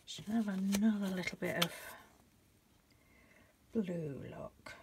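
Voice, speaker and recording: A woman talks through a painting tutorial at an unhurried, leisurely pace, thinking aloud and gushing over her colours. Her pitch sits at an ordinary middle height, with a faint hiss of noise behind her. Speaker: craft channel host.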